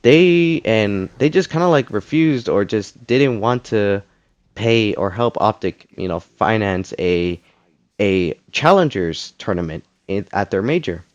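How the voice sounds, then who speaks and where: A man with a fairly low voice delivers a casual rant about games. He rambles, restarts his sentences and fills gaps with lots of fillers. The sound is dry and close, with almost no room echo. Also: animated, a little slow, muffled recording. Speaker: gaming commentator.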